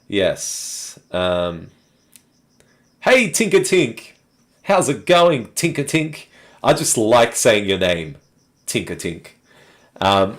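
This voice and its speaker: Aussie guy chatting on a live stream, slow and easygoing, lots of ums, voice jumps around a lot. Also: fairly low pitch. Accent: Australian. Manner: relaxed, rambling, with many "um"s. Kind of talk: casual chat with viewers.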